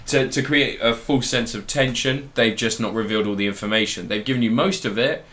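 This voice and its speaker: A man's voice: mid-range voice, fairly quick, a bit bright. A young man co-hosting a podcast, rambling and joking casually as he reviews a show. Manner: rambling, jokey, swears casually. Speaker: podcast co-host.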